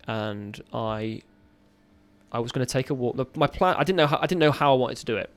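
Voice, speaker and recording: Gravelly-voiced man, raw storytelling. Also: mid-range voice. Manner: raw, earnest, halting with restarts. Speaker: podcast guest, ex-serviceman. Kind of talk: candid personal storytelling.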